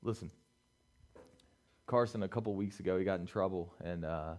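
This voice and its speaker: A middle-aged youth pastor with a low, slightly mellow voice preaches a sermon to young people at normal speed. He starts off conversational and builds to fervent urging, peppering his speech with "man" and "listen."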